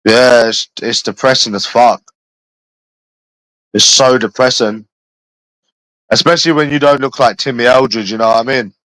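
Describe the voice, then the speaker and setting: A man's voice: medium pitch, fairly even intonation, normal speed, long pauses, a bit bright, dry recording, rough recording. A man from London with an English accent, chatting casually on a livestream, swearing constantly and addressing viewers by name. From London, England. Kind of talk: rambling casual livestream chat.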